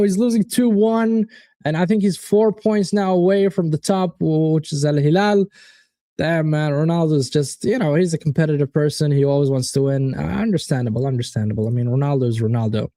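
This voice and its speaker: A man's voice: a little high, no room sound. Fired-up man hosting a football watchalong. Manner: animated, swearing, reads out chat predictions. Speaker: watchalong host. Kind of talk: casual live-stream football chat.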